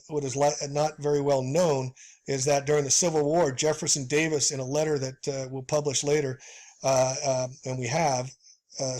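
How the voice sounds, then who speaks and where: A man's voice: medium pitch, darkish tone. A man with a mid-range voice hosts his own show, walking through slides in a heated, impassioned tone. He stumbles and fills gaps with "uh," keeps turning to his listeners as "folks," and urges them to get angry. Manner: heated, addresses listeners as folks, many fillers. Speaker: video host. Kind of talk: impassioned commentary over slides.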